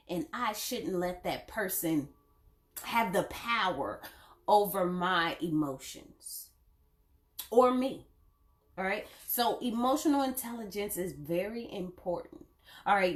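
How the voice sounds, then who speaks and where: A woman radio host giving a casual wellness talk in a coaching manner, checking in with "all right?" again and again. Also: medium pitch. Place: home, just woken up. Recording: roomy echo.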